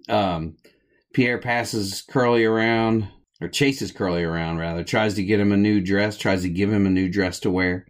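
A man casually recapping the plot of an old comedy short, chatty and relaxed, with many "uh" pauses. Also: lowish voice. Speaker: host of a film recap series.

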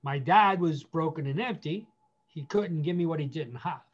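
A man speaking as a guest pastor, giving earnest counsel with emphatic repetition, slowing down to stress key phrases. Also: on the high side, muffled recording.

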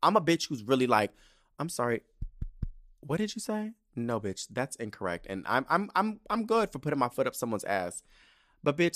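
A man hosting a solo podcast, ranting in a sassy, profane, casual way with big swings in pitch and loudness. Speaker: podcast host.

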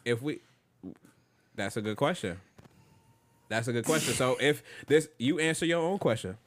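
A man's voice: mid-range voice, lively intonation, moderate pace. A young man in a casual podcast chat, speaking in laid-back slang and reasoning his points out. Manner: laid-back, slangy, talks things through.

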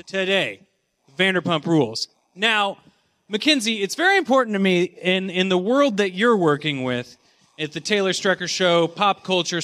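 A man hosting a live podcast panel, delivering a comic mock-lecture in a deadpan, mock-academic manner. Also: sits high. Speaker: podcast host. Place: convention panel room with live audience.

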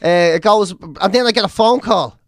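A man's voice: high voice, a little fast, no echo, clean studio sound. A man with an Irish accent hosting a casual chat, telling stories bluntly and with lots of swearing. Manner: profane, blunt, animated storytelling.

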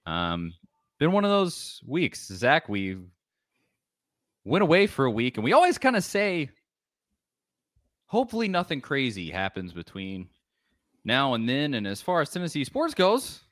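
A man's voice: medium pitch, huge pitch swings, measured pace, pauses often, a bit bright, no room sound. Male sports podcast host: loose, joking at his own slips, voice swinging up and down. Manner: self-deprecating, rambling with restarts. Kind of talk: casual sports podcast chat.

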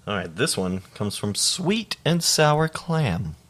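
A young man co-hosting a podcast, reading listener stories aloud in a casual, deadpan way, swearing freely and laughing now and then. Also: fairly low pitch, takes it slowly. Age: young adult.

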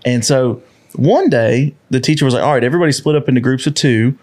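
A man's voice: medium pitch, fast talker. A man hosting a podcast, telling stories in casual chat and swearing freely. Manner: animated storyteller, swears freely. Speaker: podcast host.

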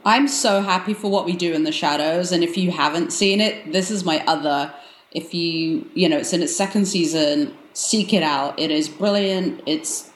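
A British woman with a low voice talks in an eager, chatty way as a podcast panelist. Her recording sounds roomy and echoey, with faint ambient noise behind her. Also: moderate pace. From England. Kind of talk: casual panel chat.

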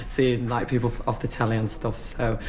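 A woman's voice: rumbling low, little pitch movement, a little fast, slight background noise. A woman actor being interviewed, rambling chattily with restarts. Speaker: actor guest. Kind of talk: casual interview chat.

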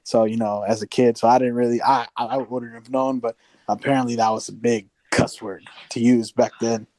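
Dark-voiced rambling man on a podcast. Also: mid-range voice, little pitch movement, normal speed, no room sound. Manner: rambling with many restarts, swears casually. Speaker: podcast co-host. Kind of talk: casual podcast chat.

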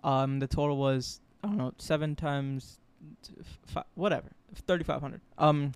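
Young man, podcast co-host, slightly high voice, smooth and clear, slangy relaxed storytelling. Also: moderate pace, no room sound. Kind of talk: casual chat.

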